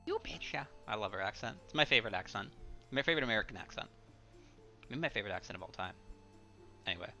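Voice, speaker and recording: A man's voice: lowish voice, expressive, rapid-fire, long pauses, pushed and bright. A young man giving casual, joking speedrun commentary and chatting to his viewers. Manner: laid-back, joking, talks to chat. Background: game music.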